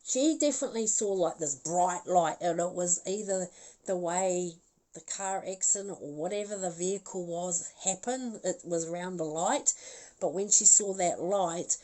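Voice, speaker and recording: A woman's voice: on the low side, normal speed, mellow, poor audio. A woman doing a live psychic reading as a medium. She talks in a chatty, rambling way, laughs often and keeps apologizing.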